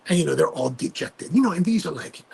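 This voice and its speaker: A man hosting a casual livestream chat, telling animated stories full of fillers and restarts. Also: fairly high pitch, fast talker, slight background noise. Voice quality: gravelly, husky voice. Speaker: host.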